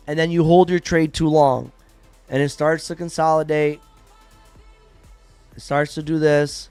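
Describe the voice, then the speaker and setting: A man hosting a live trading stream, explaining trades in a blunt, profane, animated way and acting out traders' reactions. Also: on the high side, normal speed, long pauses, clean tone, dry recording, faint music behind. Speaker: trading livestream host.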